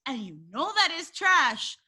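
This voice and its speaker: A woman's voice: high-pitched, big pitch swings, unhurried, sharp tone. A woman co-hosting a podcast, chatting casually and animatedly, laughing often and acting out what people said. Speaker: podcast co-host. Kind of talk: casual chat.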